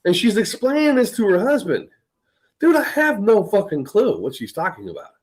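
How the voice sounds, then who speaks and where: A man's voice: high-pitched, very animated, normal speed. A man, the host of a casual chat, telling stories in a profane, rambling way, laughing often.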